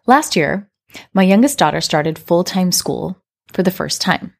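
A woman hosting a parenting podcast, telling a story and explaining in a calm, reflective scripted way. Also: fairly low pitch, unhurried, creaky. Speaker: podcast host.

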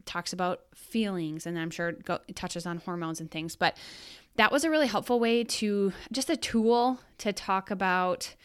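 A woman in her thirties with a smooth, clear voice chats frankly on her solo podcast. She talks as a mother, wanders off into asides and corrects herself as she goes. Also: mid-range voice. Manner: chatty, frank, rambling with self-corrections. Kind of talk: casual solo podcast monologue.

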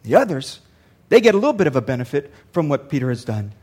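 A man's voice: on the high side, big pitch swings, fast talker, darkish tone, breathy edge. An older man, a pastor, preaching a sermon earnestly and repeating lines for emphasis.

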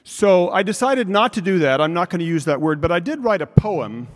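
A man's voice: high-pitched, expressive, a little fast. A man preaching a sermon with a dry, joking delivery. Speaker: pastor. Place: church sanctuary. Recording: church hall reverb.

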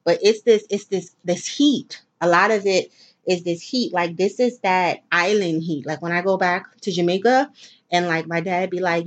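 This is a woman talking on her solo podcast, clearly tired. She rambles from story to story and swears casually. Her voice sits at an ordinary middle pitch. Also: normal speed. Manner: profane, rambling, animated storytelling. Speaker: podcast host.

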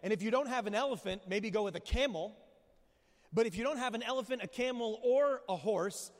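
A male pastor delivers a sermon with animated storytelling, peppering it with rhetorical questions and quick asides. His voice sits high for a man, and it rings out with a long reverb in a church hall.

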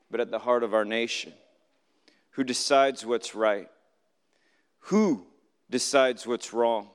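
Speaking at a medium pitch with a clean tone, a man delivers a chatty Shabbat sermon, sharing his week's stories, voicing the people in them, and questioning the congregation directly. Long reverb fills the live hall recording.

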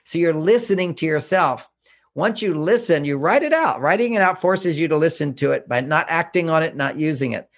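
Gravelly older man giving earnest advice. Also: fairly high pitch, animated, brisk. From Houston, Texas. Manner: earnest, emphatic, repeats points. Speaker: author and relationship guest. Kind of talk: interview, self-help advice.

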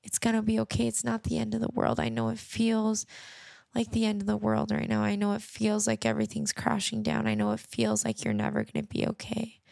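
Her voice a little high and darkish with vocal fry, a young adult woman briskly shares her personal faith on her podcast. She reassures listeners earnestly and frequently repeats phrases, and the recording is clean studio sound without room ambience.

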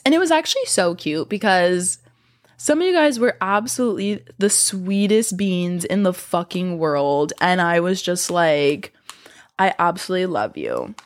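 Young woman, vlogger, casual chat, profane, out of breath, sore throat. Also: lowish voice. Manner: rambling, profane, emphatic.

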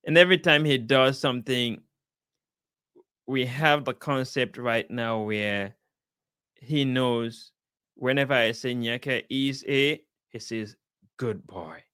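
A man delivers an inspirational talk in an unhurried, deliberate way, his pitch sitting in the ordinary middle range. The recording is dry and close, with no room sound. He speaks earnestly and encouragingly, repeating key points for weight. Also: steady tone, bright, forceful tone, smooth, no room sound. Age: adult, father of a young child. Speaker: speaker sharing life advice.

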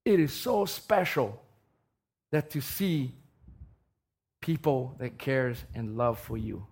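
A man preaching a sermon, telling a personal story, swinging between loud bursts and soft asides and often repeating words. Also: medium pitch, lively intonation, slow, creaky, pauses often, slightly rough.

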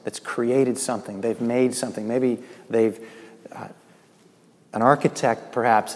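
Husky-voiced man preaching in a hall. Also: medium pitch. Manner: preaching with sudden loud lifts and quiet drops. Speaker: pastor. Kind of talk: sermon. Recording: long hall reverb.

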